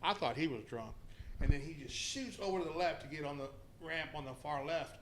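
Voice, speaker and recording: A man's voice: on the high side, brisk, a little hiss or hum. A man telling a rambling, profane story in casual podcast chat. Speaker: podcast guest.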